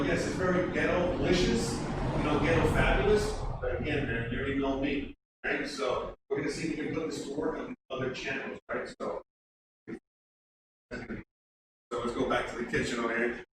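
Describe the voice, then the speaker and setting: A man hosts a casual cooking livestream from his home kitchen, rambling with lots of fillers and restarts. His voice is fairly high, with fairly even intonation and a moderate pace. The mic sits on the kitchen counter, and the kitchen is echoey with background noise.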